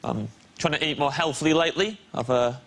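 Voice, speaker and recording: A man doing deadpan stand-up comedy on a TV panel show, with a wry delivery. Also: on the high side, fairly quick, a little hiss or hum. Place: TV studio with live audience. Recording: loud studio audience laughter.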